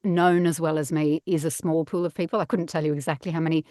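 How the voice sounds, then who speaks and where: Self-mocking woman, low voice. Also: fairly even intonation, fast talker, mellow, dry recording, clean studio sound. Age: middle-aged. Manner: self-mocking, laughs often. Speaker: guest voice actor. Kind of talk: casual interview chat. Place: padded home recording booth.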